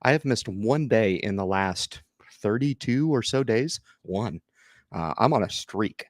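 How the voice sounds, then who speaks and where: Animated rambling middle-aged man host. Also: fairly low pitch, a little slow, no room sound, clean studio sound. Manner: rambling, animated, talks straight to viewers. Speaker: investing channel host. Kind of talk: casual livestream chat.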